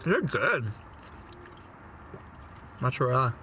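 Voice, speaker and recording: This young man reviews a movie while eating in his parked car, a casual, rambling chat from a food vlogger and movie reviewer who repeats words and leans heavily on "you know" and "bro." He speaks slowly in a mid-range voice that's pushed and bright, with big pitch swings and a little hiss or hum.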